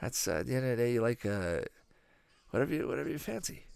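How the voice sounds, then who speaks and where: A man giving casual, rambling reaction commentary on a cartoon as he watches it, with profane, animated asides. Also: medium pitch, fast, vocal fry, clean tone, dry recording.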